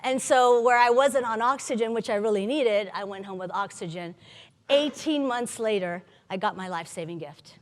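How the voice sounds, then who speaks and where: A woman telling her own story to a live audience, lively, humorous and candid. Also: mid-range voice, normal speed, in a large hall. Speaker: patient advocate speaker. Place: large conference hall.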